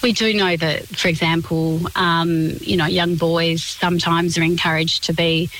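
A woman, a communications specialist answering on a radio interview in a clear, explanatory, measured way. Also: on the low side, flat delivery, fairly bright tone, a little hiss or hum, poor audio.

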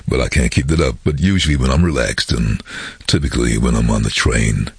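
A man with a very deep, gravelly voice telling stories from his career as a voice-over artist and train driver in a lively, casual way. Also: a little fast, dry recording. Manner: lively, slips into impressions. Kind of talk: casual anecdotal storytelling.

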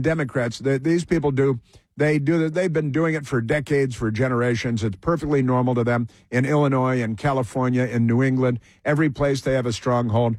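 A man delivering opinionated political commentary as a talk show host, sarcastic and rambling, often stopping to restart a phrase. His voice is a little husky and sits at an everyday pitch. The sound is dry and close, with no room around it. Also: darkish tone, dry recording.

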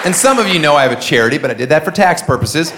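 Male stand-up, slightly high voice, sarcastic deadpan swinging loud, heavy crowd laughter throughout. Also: racing, heavy background noise. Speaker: stand-up comedian. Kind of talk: stand-up routine. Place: comedy club stage. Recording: live club set with loud crowd laughter.

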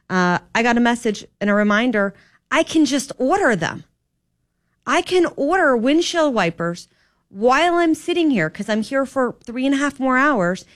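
A woman hosting an opinion talk radio show as a fill-in, talking in an animated, opinionated and rambling way into a studio microphone. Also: mid-range voice, dry recording.

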